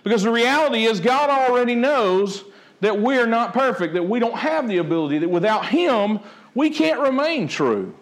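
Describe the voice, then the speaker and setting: A man preaches a sermon in a high voice. He acts out the dialogue of the story as he tells it, animated and expressive. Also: moderate pace. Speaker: pastor.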